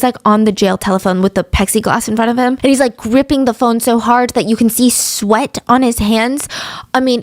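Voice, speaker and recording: A woman's voice: on the high side, no echo. Chatty woman hosting a true-crime podcast. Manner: chatty and opinionated, drops to a whisper at times. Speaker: podcast host.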